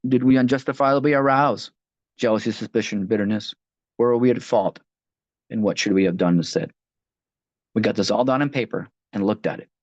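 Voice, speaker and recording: A man with a mid-range, darkish voice reads passages from a recovery book aloud during a line-by-line study, often restarting his phrases as he talks conversationally. There's no room sound, and the lo-fi audio is dull and dry.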